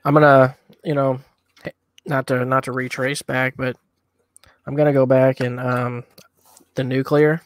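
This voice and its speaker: A man's voice: mid-range voice, little pitch movement, measured pace, long pauses, dry recording. A man co-hosting a casual podcast, chatting in an easygoing, rambling way while eating hot wings. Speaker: podcast co-host.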